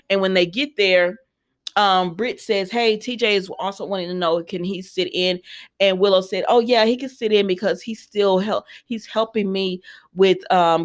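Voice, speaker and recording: A woman hosting a casual soap opera recap, her voice sitting at an ordinary middle pitch. She rambles in a chatty way, with plenty of ums and false starts, and slips quick asides in between paraphrased lines from the characters.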